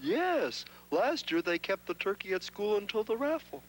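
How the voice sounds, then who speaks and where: A man's voice: high voice, very animated, normal speed, a little hiss or hum, poor audio. A man playing a sweet, naive young boy puppet who talks in an earnest, gullible way. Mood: innocent. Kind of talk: puppet show acting.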